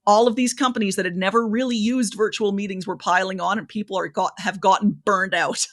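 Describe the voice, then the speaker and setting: Animated woman giving speaking advice. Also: brisk. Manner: animated, varied pitch, expressive. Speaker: guest, speaking coach. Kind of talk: podcast interview advice.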